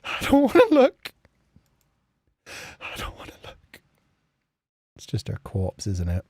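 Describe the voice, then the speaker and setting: A woman's voice: very deep voice, huge pitch swings, slow pace, dark tone, slightly rough, dry recording, heavily acted. A woman voicing a mentally unstable young male author who pleads frantically and repeats himself, with faint game music behind. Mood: panicked. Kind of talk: voicing visual novel lines.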